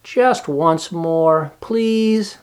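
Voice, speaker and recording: A man voicing a kind, wise female barn spider who talks gently but firmly, coaxing the others along. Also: a little high, extremely slow, smooth, voice pushed up.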